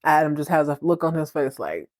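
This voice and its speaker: Podcast host, female, lower voice, animated and slangy, dry close recording. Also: no echo. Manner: animated, playful, slangy, quick bits of acted quotes. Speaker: podcast host recapping a TV drama. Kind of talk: casual recap with acted-out dialogue.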